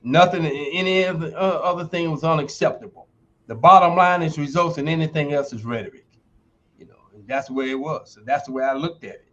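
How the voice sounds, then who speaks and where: A man's voice: a little high, a little fast, fairly bright tone. A man in his sixties, a former football player and university instructor, telling stories emphatically as a podcast guest and acting out quoted dialogue. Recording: dull lo-fi stream audio.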